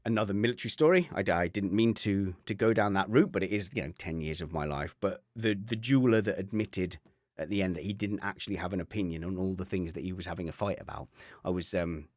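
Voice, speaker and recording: Lively, low-voiced man telling a rambling story. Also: no echo, studio quality. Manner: rambling, self-interrupting, wry. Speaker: podcast co-host. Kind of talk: casual chat, anecdotal storytelling.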